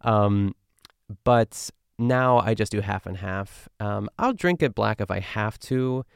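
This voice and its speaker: A man's voice: on the low side, slow pace, creaky, clean tone, no echo, clean studio sound. A young man hosting a podcast, recapping a cooking show in a rambling, chatty way full of fillers and asides.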